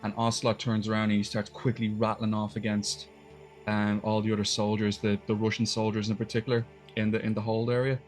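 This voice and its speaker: A male co-host talks through a game's plot in a low, fairly flat voice, rambling and detailed. Faint music plays behind the casual chat. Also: brisk. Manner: retells scenes in detail, loose and rambling. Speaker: podcast co-host. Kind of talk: casual game retrospective chat.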